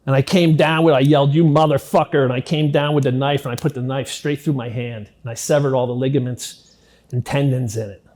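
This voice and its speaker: A man's voice: mid-range voice, fairly even intonation, fairly quick. Profane middle-aged man telling his story. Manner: blunt, profane, intense retelling that swings between hushed and loud. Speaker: interviewee recounting his past. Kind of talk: first-person storytelling in an interview.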